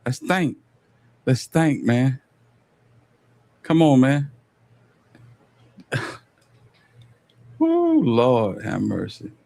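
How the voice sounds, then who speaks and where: A man with a Southern US accent, reacting on a live stream in casual, slang-heavy commentary, animated and exasperated. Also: medium pitch, very slow, creaky, pauses often, no echo. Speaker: streamer reacting to a court case.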